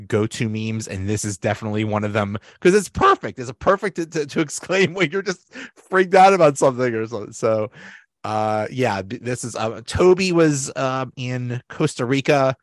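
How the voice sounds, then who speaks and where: A man's voice: mid-range voice, animated, normal speed, no room sound. Chatty man podcast host, dry sound. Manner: chatty, laughs often, acts out quotes. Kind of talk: casual chat.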